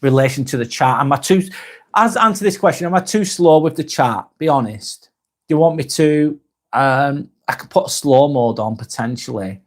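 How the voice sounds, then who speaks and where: A man's voice: expressive, moderate pace. Lancashire man chatting on a live stream. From Darwen, near Blackburn, northern England. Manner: reads comments aloud with a lifted voice, then answers in a softer, lower tone. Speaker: live vlog host reading viewer comments. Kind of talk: casual live-stream chat.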